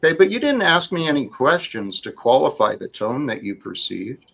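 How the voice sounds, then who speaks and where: A man hosting a heated panel argument, who insists again and again that the other speaker calm down and hear him out. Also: mid-range voice, moderate pace, vocal fry, rough recording. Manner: insistent, repeats calls to calm down. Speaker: host.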